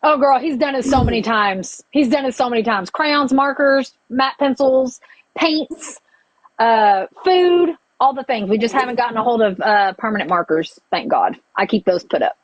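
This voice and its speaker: Brief: lively mom storyteller, woman with a higher pitch, dry close sound. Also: normal speed, no echo, poor audio. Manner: animated storyteller, acts out dialogue. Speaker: mother of a young child. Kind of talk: casual group chat.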